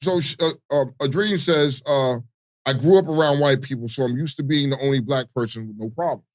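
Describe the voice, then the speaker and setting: A man's voice: medium pitch, brisk. A Baltimore man co-hosting a morning radio show, chatting casually and profanely, often asking "you know what I mean.". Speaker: radio co-host.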